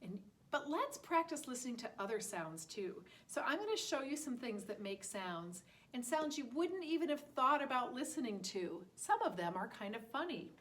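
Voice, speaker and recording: Lively sing-song preschool teacher woman. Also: sits high, normal speed. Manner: sing-song, exaggerated and animated for small children. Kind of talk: lesson for young children.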